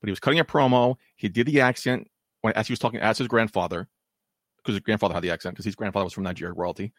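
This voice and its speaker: A man's voice: lowish voice, fairly even intonation, racing, a bit bright, no echo, clean studio sound. A man co-hosting a wrestling podcast who talks bluntly, emphatically, and moves the show from match to match. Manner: blunt, emphatic, runs the segments. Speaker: podcast co-host. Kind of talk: casual wrestling chat.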